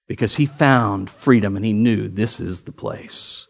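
Animated preaching man. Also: lowish voice, measured pace, gravelly, few pauses, long reverb tail. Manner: animated, rising to emphatic calls. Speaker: pastor. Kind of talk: sermon with storytelling.

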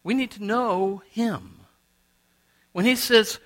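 A middle-aged male pastor preaching a sermon, swinging between loud and quiet as he acts out little exchanges. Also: slow pace. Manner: preaching with wide swings in pitch and loudness, acting out quoted exchanges.

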